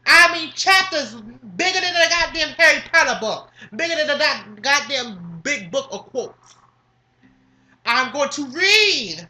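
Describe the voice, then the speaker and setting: A woman rants straight to her camera in a high, bright, cutting voice. She swears freely and stacks up emphatic jabs, circling back to "understand?" to drive each point home. The tone is sassy, comedic and full of attitude. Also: animated, measured pace. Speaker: vlogger. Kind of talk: profane comedic rant to camera.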